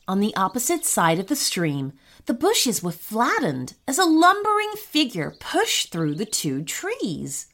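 A woman narrating a children's story in an animated storytelling manner. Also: fairly high pitch, measured pace, few pauses.

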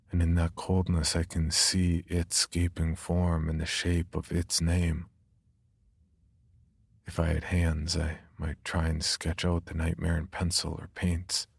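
Slow, gravelly, low-voiced male horror narrator. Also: no room sound. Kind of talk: first-person horror story narration.

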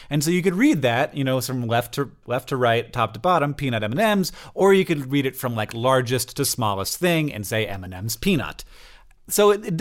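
A man co-hosting a podcast, his pitch swinging up and down as he talks. He explains things with eager enthusiasm, threading in plenty of fillers. It is casual, playful conversation between hosts. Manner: animated, explaining with many fillers. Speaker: podcast co-host. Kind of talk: casual comedic chat.

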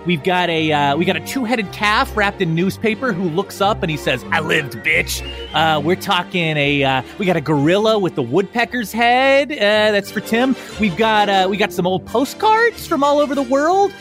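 Playful, animated game master. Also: male voice, high voice, moderate pace, few pauses, music in the background. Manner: playful, vivid describing. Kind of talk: narrating a tabletop game.

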